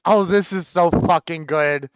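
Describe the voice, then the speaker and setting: A young man streaming live, chatting casually and gushing with sudden shrieks of excitement. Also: a little high, measured pace, clean tone, dry recording. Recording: slightly dull, dry sound.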